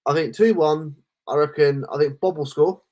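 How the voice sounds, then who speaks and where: A man co-hosting a casual football podcast, talking in animated rants full of restarts. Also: a little high, moderate pace. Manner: animated, ranting, lots of restarts. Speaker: podcast co-host.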